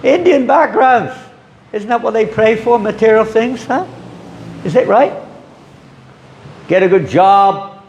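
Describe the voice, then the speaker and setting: A man teaching a scripture class in a lively way, often acting out the voices of people he quotes. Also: sits high, slow pace, pauses often, echoey room, lo-fi sound, a little hiss or hum. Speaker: spiritual teacher.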